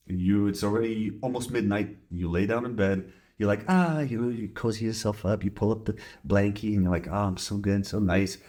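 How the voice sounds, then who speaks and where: A man's voice: on the low side, darkish tone. A man who works as a therapist, explaining a mindfulness exercise in a casual, conversational way and acting out anxious thoughts. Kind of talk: casual teaching talk.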